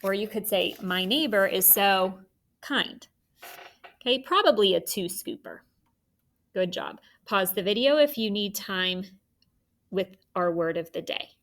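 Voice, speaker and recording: A young woman teacher giving a recorded phonics lesson to children, patient and encouraging, sounding out words slowly and clearly. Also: mid-range voice, expressive.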